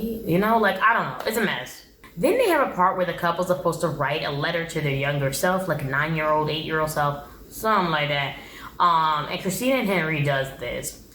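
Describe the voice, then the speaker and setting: A young woman talks through a show recap in a blunt, exasperated, opinionated way. Her voice sits a little low, and the room around her rings with echo over a faint background hum. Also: a bit bright. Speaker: TV show reviewer. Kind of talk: casual recap vlog.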